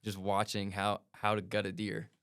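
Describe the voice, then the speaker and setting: A man chatting casually in a relaxed, conversational way. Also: fairly low pitch, clean tone, no room sound, studio quality. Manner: quick, relaxed conversational replies. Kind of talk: casual chat.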